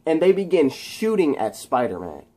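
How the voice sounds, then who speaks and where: A man casually retelling a movie fight scene, animated and shouting sound effects, with many fillers. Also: on the high side, normal speed. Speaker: video host recapping a film.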